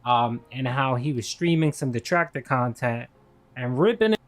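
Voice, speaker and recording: A man's voice: mid-range voice, normal speed. A man co-hosting a live stream, recapping drama in a rambling way with lots of fillers. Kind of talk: casual recap commentary.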